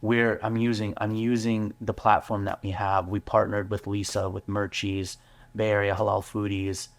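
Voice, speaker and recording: A man, a business owner, telling his story in an interview, earnest and halting with many fillers and restarts. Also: on the low side, flat delivery, creaky. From United States. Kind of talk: candid interview talk.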